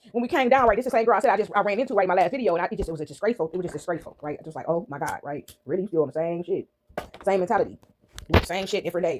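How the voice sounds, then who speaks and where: A middle-aged woman vlogging casually while baking in her kitchen, chatting to viewers and asking "right?" often. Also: medium pitch. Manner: chatty, addresses viewers as y'all, frequent tag questions. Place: home kitchen. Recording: loud background noise.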